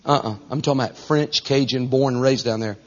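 A man with a Southern US accent preaching a storytelling sermon, folksy and animated, dropping to a hush and then rising loud. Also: medium pitch, a little fast. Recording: dull lo-fi recording.

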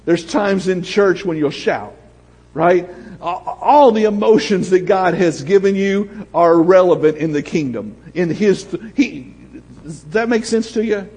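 A pastor with a high, husky voice preaches in a church sanctuary. His delivery swings from shouted exclamations to hushed storytelling. The sound has a long hall reverb trailing behind every phrase. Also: a little slow. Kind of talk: sermon.

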